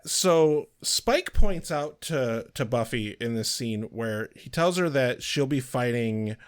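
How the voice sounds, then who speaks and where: A man's voice: mid-range voice, expressive, clean tone. Joking male podcast co-host. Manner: joking, chatty, quick asides. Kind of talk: casual chat, episode review.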